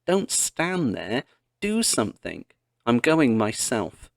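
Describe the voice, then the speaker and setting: A man's voice: medium pitch, very animated, takes it slowly, gravelly, no room sound, clean studio sound, exaggerated voice. A man voicing a panicked screaming little girl. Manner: screaming, accusing. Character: panicked little pioneer girl scolding her sister.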